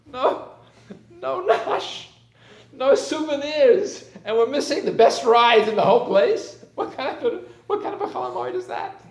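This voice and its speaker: A man's voice: sing-song, measured pace, vocal fry, roomy sound, exaggerated voice. A man putting on whiny pleading kids. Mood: whining. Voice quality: high, pleading, protesting. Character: whining disappointed young children.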